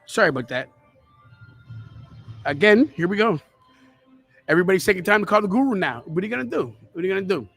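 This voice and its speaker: A man's voice: high voice, sing-song, fast talker, vocal fry, long pauses, fairly bright tone, breathy edge, faint music behind. A man hosting a podcast, giving rambling, chatty live football commentary from a restaurant and calling his listeners kids. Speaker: podcast host.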